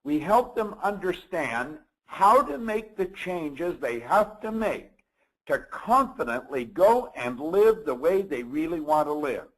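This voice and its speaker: A man hosts a motivational webinar, and his voice sits a little high for a man. His pitch swings widely as he leans on key words. He speaks with measured emphasis, like a teacher. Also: lively intonation, a bit bright, poor audio. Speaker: seminar host.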